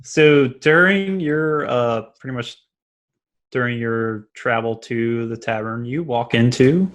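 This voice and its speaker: A man narrating as dungeon master of a tabletop game, loose and halting, often laughing as he describes scenes. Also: mid-range voice, fairly bright tone.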